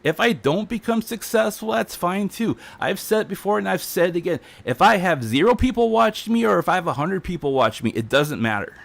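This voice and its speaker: A man's voice: high-pitched, animated, moderate pace, creaky, hardly any pauses, no echo. A man streaming a defiant, heated rant, repeating himself as he talks. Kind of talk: ranting livestream monologue.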